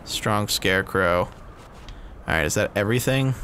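A man's voice: lowish voice, moderate pace, sharp tone, slight background noise. A man hosting a let's play, giving casual gameplay commentary with laid-back, profane, giggly asides.

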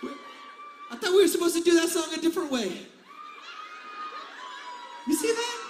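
His voice is very high with big swings in pitch, raised and at a moderate pace, as this singer in his forties chats and laughs with the crowd between songs. The onstage banter at a large venue drifts into rambling stories, with live hall reverb and faint crowd noise in the background.

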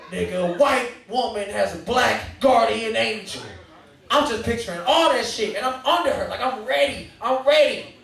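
A young man with a St. performs animated, profane stand-up, his voice high and swinging widely. He sounds distant from the mic in a big, echoing room. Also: moderate pace, gravelly. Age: young adult. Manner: animated, profane, acts out scenes. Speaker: stand-up comedian. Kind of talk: stand-up comedy storytelling. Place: comedy stage in a live venue.

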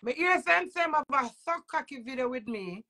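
A woman's voice: high-pitched, lively intonation, normal speed, sharp tone. A woman with a Jamaican accent, a vlogger delivering an agitated, repetitive emotional rant full of swearing.

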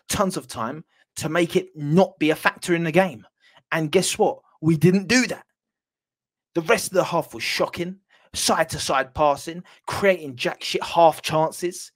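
A man's voice: a little high, normal speed. A man giving an angry, sweary reaction after his team loses a football match. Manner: furious, swearing, repeats himself. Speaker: football fan channel host.

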